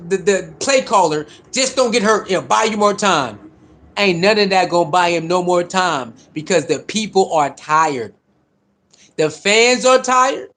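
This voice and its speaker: A man with a high voice gives fired-up football reaction commentary. He talks straight to his viewers in slangy speech, taunting rival fans and hammering the same points again and again. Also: fairly bright tone. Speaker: sports reaction vlogger.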